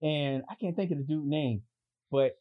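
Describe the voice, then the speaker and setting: A man telling stories in casual chat, animated and swearing, jumping into high voices when quoting people. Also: moderate pace, no echo, narrow, tinny audio. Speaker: podcast guest telling stories.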